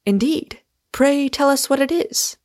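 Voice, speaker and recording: A woman reading aloud, voicing a gentle, sensible middle-aged mother with a slow, soothing manner. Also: sits high, voice pushed up.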